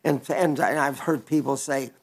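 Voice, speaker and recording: A male pastor retelling a story in a sermon, earnest, with restarts and slow, emphatic stretches. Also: medium pitch, steady tone, husky.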